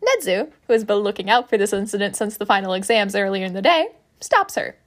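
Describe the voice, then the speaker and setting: A woman's voice: mid-range voice, sing-song, brisk. A woman casually reading a fan story aloud, chatty, emphatic and swearing freely. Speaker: fanfiction reader.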